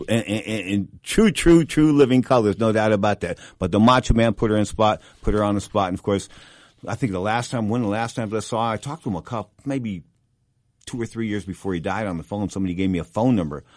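A middle-aged man hosting a boxing talk show, telling rambling stories full of restarts and asides, and jumping up in pitch for emphasis. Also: no echo, studio quality. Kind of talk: casual anecdotal storytelling.

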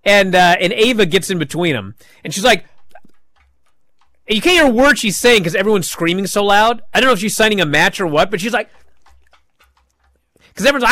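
A man hosting a wrestling talk show, recapping matches in casual chat with animated, mocking outbursts. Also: high voice, fairly quick, pauses often, no echo, soft background music. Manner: animated, mocking, jumps to shouting. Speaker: wrestling podcast host.

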